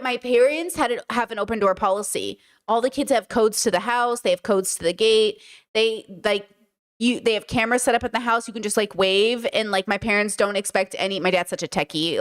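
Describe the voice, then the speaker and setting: A young woman hosting a live stream, chatting casually and telling family stories with lively acted-out quotes. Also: fairly high pitch. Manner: animated storyteller, acts out family members' lines. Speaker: streamer host.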